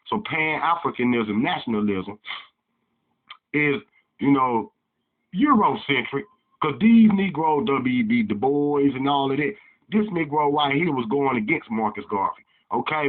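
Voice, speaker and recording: Host type: heated preachy man lecturing casually, thin phone-quality audio. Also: mid-range voice. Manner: fiery, preachy, heated rants. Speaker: channel host. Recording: tinny phone-like sound.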